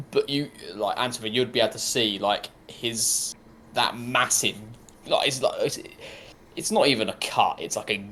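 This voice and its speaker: A man's voice: medium pitch, fairly bright tone, slight background noise. A man narrating as game master, rambling with lots of ums and likes.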